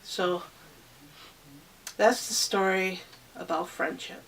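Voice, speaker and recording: A woman improvising a children's story, rambling and halting with many fillers and restarts. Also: mid-range voice, steady tone, fairly bright tone, distant mic, slight background noise.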